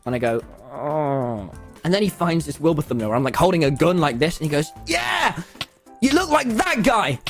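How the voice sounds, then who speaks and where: A man's voice: a little high, very animated, moderate pace, soft background music. A man telling a comedic story to his viewers, acting out the dialogue and laughing a lot. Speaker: video creator.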